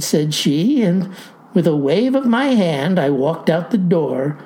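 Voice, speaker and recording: Slow, mellow-voiced woman storyteller. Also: lowish voice, expressive. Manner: wry, addresses the listeners. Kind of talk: told comic tall tale.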